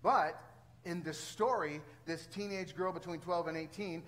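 An older man preaching a sermon, telling a personal story in an animated way with exasperated outbursts and frequent throat clearing. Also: fairly high pitch, unhurried, poor audio. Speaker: pastor.

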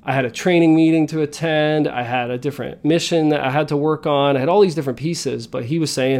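A man's voice: a little high, fast, few pauses, a little mellow. A man in his thirties, a podcast host telling a story and coaching his listeners in an earnest motivational style. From United States.

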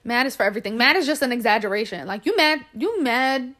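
A woman's voice: on the high side, animated, fast, fairly bright tone. A young woman with a New York accent chatting bluntly as a podcast co-host, swearing freely and saying "like" a lot. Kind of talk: casual chat.

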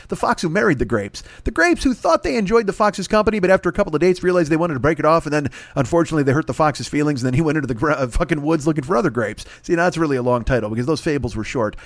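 A man's voice: a little high, no echo. A man in his forties hosting a solo comedy podcast, ranting in a profane, rambling, self-mocking way into a microphone. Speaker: podcast host. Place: hot room with air conditioning running. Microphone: studio microphone.

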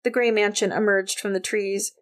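A woman narrating an audiobook in a wry, lively storytelling manner. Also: mid-range voice, moderate pace.

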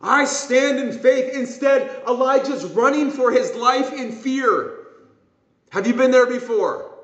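A man with a high voice preaches with passion, now and then slipping into whining voices to make his point. His sermon comes through a dull, lo-fi recording in an echoing church room. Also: a bit bright. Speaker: pastor. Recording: echoey room, dull lo-fi sound.

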